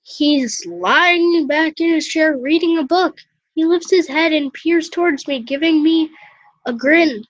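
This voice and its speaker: A woman's voice: sits high, unhurried, no room sound. A woman reading a visual novel aloud with self-mocking, chatty asides. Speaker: let's player. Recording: dull, lo-fi, dry.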